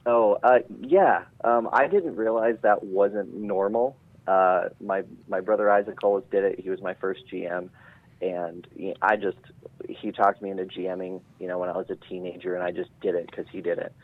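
Deep-voiced man on a phone-like line. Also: fairly even intonation, moderate pace, no echo. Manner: hesitant, many fillers and restarts. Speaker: podcast guest and game master. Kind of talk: casual chat.

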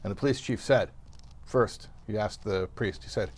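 A man's voice: on the low side, moderate pace, dry recording. A man giving a weekly Torah lesson who reads Hebrew verses and then translates them. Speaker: Torah teacher.

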